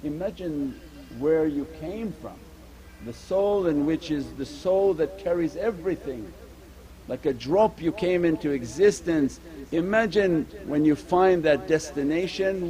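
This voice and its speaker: A man preaching an earnest Sufi sermon. His voice sits a little high but sounds mellow and soft-edged. He drives his points home through repetition and weaves Arabic religious terms into his English. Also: lively intonation, measured pace, low-quality recording. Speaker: Sufi teacher.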